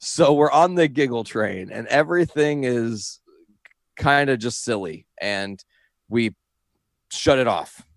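A man's voice: medium pitch, lively intonation, slow pace, creaky, no room sound, clean studio sound. A young man telling a rambling, profane story in casual chat, often breaking into laughter as he talks. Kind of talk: casual anecdote.

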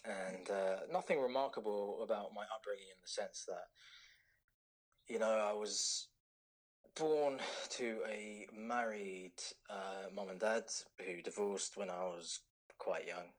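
A British man from London speaking as a podcast guest. His voice sits a little low, and he talks in an easygoing, hesitant way, full of "um" and "you know.". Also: unhurried, poor audio. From London, England. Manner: easygoing, hesitant, many fillers. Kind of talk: casual podcast chat.

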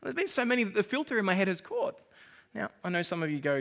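A male pastor preaches in a chatty, self-deprecating sermon style. His voice sits high and sounds bright and lively. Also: quick pace, gravelly. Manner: conversational, self-deprecating preaching with acted asides.

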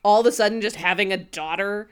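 A woman's voice: mid-range voice, fast, smooth. A woman in casual podcast chat, recapping an episode and acting out characters' lines as she retells scenes. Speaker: podcast co-host.

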